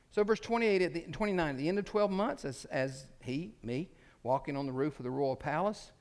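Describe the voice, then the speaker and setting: A man preaching a sermon in an animated, conversational way. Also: on the high side, a little fast. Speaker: pastor.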